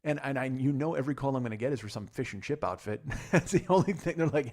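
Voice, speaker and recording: A man's voice: mid-range voice, expressive, quick pace, a little mellow. A man in his forties hosting a comedy podcast, talking in a rambling, profane, self-deprecating monologue full of restarts. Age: 40s. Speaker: podcast host.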